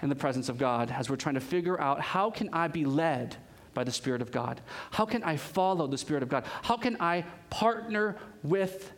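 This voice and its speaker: A man preaching a sermon as pastor, telling stories in an animated way with laughs and quick asides. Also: fairly high pitch.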